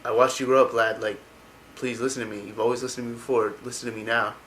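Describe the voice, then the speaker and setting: A man's voice: mid-range voice, level tone, fast talker, fairly bright tone, slight background noise, lightly acted. A man voicing a stern old male dwarf mentor who pleads and warns in a fatherly way, raised a little above his own voice. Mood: pleading.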